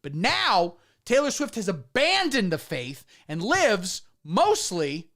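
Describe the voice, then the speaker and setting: A man's voice: high-pitched, wildly swooping pitch, takes it slowly, fairly bright tone. A man rambling through a crude, absurd satirical story on a livestream, breaking off to read out chat comments. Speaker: comedian streamer.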